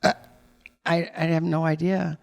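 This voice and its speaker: Gravelly older man telling animated stories. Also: on the high side, slow. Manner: animated storyteller, rambling restarts. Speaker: guest. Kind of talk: casual chat.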